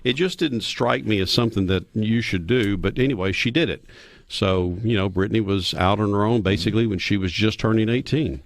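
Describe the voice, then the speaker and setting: A man's voice: lowish voice, fairly quick, no echo. A man, a radio guest telling folksy stories. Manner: anecdotal, folksy, animated when quoting others. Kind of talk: storytelling interview.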